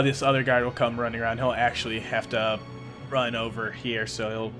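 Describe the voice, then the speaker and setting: A man running a tabletop game with a bright, crisp voice at a middling pitch. He narrates casually, pausing often with fillers. Soft music plays behind him. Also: steady tone. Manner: casual, halting, many fillers. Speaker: game master.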